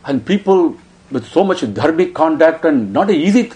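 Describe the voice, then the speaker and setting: A man telling a sacred story in a devotional discourse, emotive, dropping hushed then rising. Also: fairly high pitch, expressive, normal speed. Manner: emotive, swinging between hushed and raised. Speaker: spiritual discourse speaker.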